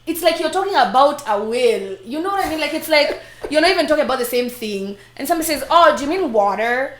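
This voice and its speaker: A woman's voice: high voice, fast. A woman hosting a live stream, chatting casually and acting out the voices of people in her stories. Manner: animated storytelling, acts out quoted voices. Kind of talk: casual chat. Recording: roomy echo.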